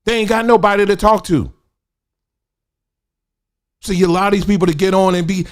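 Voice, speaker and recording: A middle-aged man, hosting a casual livestream and talking in an animated, preachy, colloquial way. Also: fairly high pitch, normal speed. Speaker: host.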